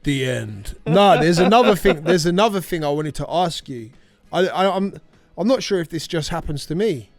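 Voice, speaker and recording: A man co-hosting a casual podcast about DJing, talking in an animated, jokey way. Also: on the high side, moderate pace, vocal fry, no room sound, faint music behind. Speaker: podcast co-host, DJ. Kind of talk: casual chat.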